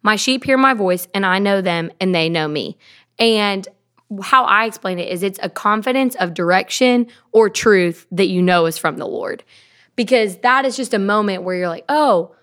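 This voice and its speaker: A woman's voice: medium pitch, fairly bright tone. A young woman co-hosting a casual faith podcast, chatty, laughing easily and filling her talk with "like". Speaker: podcast co-host.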